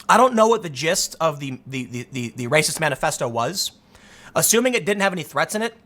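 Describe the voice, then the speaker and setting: A man in his thirties giving casual, sarcastic commentary and telling stories in an animated, mocking way. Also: sits high.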